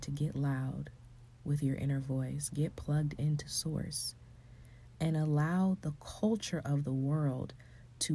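A woman talking earnestly to other women about faith and love, coaching them. She shifts between hushed, breathy passages and loud, emphatic outbursts. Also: low-pitched. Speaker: faith and relationship speaker. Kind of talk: motivational faith talk to women.

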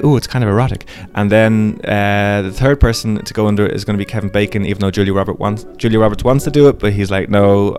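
A man's voice: on the low side, a little mellow. A man co-hosting a casual podcast, rambling and correcting himself as he recaps a film. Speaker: podcast co-host.

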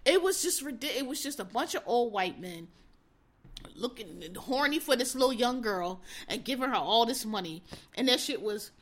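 A woman giving casual, profane commentary, retelling a story with acted-out quotes in an animated way. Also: a little high, normal speed.

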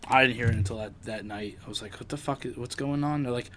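A man's voice: medium pitch, fast talker, fairly bright tone, a little hiss or hum. A man co-hosting a casual sports podcast, blunt and dry, swearing freely. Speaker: podcast co-host.

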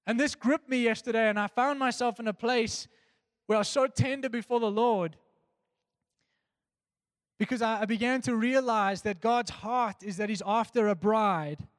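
A man preaching an earnest devotional sermon, reading scripture and dropping soft and low on key phrases. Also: moderate pace, dry recording, big-room sound.

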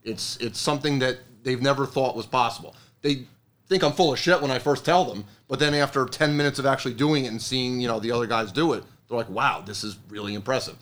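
A man's voice: medium pitch, fast, fairly bright tone. A man in casual conversation about rescue training, blunt and emphatic, swearing in passing.

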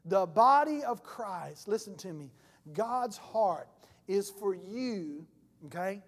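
High-voiced guy preaching a sermon, folksy, does the voices, big church echo. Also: lively intonation, takes it slowly. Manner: folksy, acts out voices in stories. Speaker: pastor.

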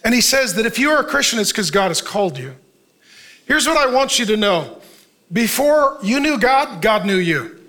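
A middle-aged man preaching a sermon, animated and often laughing at himself, who swings from shouted lines to soft, tender asides. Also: very high voice. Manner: laughs often, self-deprecating humor. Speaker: pastor.

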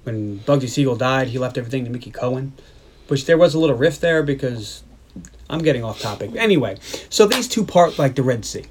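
A man's voice: mid-range voice, animated, brisk, a little mellow, slight background noise. A man co-hosting a movie podcast, casually retelling the plot in a rambling way, swearing and acting out lines from the scenes. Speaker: podcast co-host.

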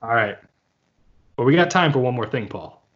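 A man's voice: medium pitch, lively intonation, normal speed. Give me a playful male podcast co-host with a slightly muffled recording. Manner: playful, spins hypotheticals. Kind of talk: casual chat.

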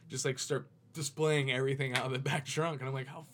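A man's voice: mid-range voice, level tone, fast, fairly bright tone. A man from Florida, a professional kiteboarder, telling a story in a loose, profane, casual way and chuckling as he goes. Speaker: professional kiteboarder, podcast guest.

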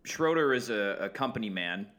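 Opinionated Wisconsin man co-hosting a sports podcast, with a bright, forceful voice. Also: lowish voice, expressive, moderate pace. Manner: opinionated, storytelling. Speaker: podcast co-host. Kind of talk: casual sports podcast chat.

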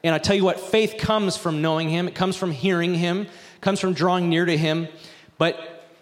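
A middle-aged pastor preaches to his congregation, telling a story in an animated, rambling way full of asides. His voice sits a bit high for a man. The sound rings out with a long reverb from the church sanctuary. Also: moderate pace. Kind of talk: sermon.

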